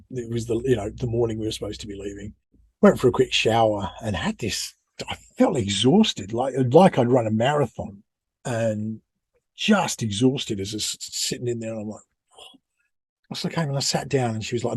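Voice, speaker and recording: A man's voice: fairly low pitch, a little fast, darkish tone, husky, no room sound. British man telling a rambling story. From United Kingdom. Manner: rambling, self-deprecating, many restarts. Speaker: podcast co-host. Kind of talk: casual storytelling.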